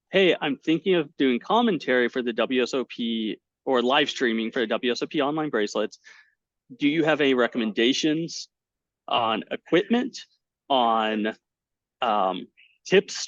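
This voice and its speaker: A man appears as a guest on a casual video-call interview, a poker commentator telling stories in an animated way with plenty of fillers and restarts. His mid-range voice moves at a normal speed. He's on a home webcam setup, so the audio sounds dull and lo-fi, with no room sound whatsoever.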